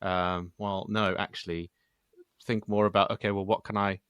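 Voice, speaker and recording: A man's voice: fairly low pitch, flat delivery, moderate pace, a bit bright, clean tone, no room sound, muffled recording. A man hosting a podcast interview, speaking thoughtfully and hesitantly, often restarting his sentences. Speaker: podcast host.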